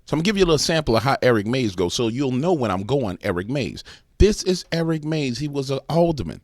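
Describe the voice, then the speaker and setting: A man's voice: mid-range voice, big pitch swings, quick pace, a little mellow, no echo, clean studio sound. A man hosting a reaction channel, joking in slangy comedic commentary.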